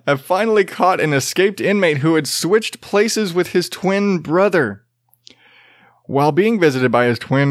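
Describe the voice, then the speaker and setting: A man's voice: on the high side, dry recording, studio quality. A man hosting a casual news commentary show, rambling and profane, with jokey asides.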